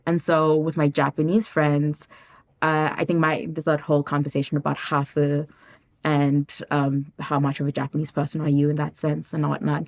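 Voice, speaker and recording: Woman, low voice, from South Africa, casual podcast chat, animated storyteller. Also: normal speed. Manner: animated storytelling, acts out quoted people. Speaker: podcast guest.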